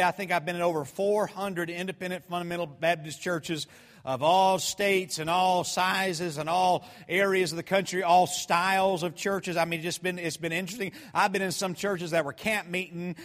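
High-pitched male preacher, fervent and storytelling, in a reverberant hall. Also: normal speed. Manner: fervent, storytelling, swings from hushed to shouting. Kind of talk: sermon.

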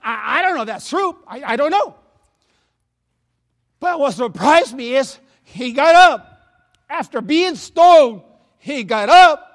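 High-voiced Spanish-accented man preaching. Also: animated, slow, pauses often, fairly bright tone. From Latin America. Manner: repeats words and restarts, laughs at himself, storytelling. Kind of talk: sermon. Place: church sanctuary.

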